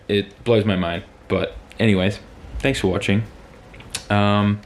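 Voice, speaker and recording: A man's voice: lowish voice, slight background noise. A man from Australia whose accent has faded toward American, rambling through a casual vlog monologue with plenty of "like" and "um". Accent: faded Australian, drifting toward American. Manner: chatty, rambling, heavy on fillers like "like" and "um". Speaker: vlogger.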